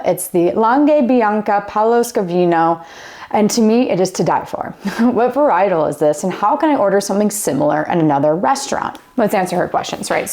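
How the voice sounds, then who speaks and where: A woman's voice: medium pitch, a little mellow. Woman, casual wine explainer, chatty and playful, laughs a lot. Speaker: wine educator.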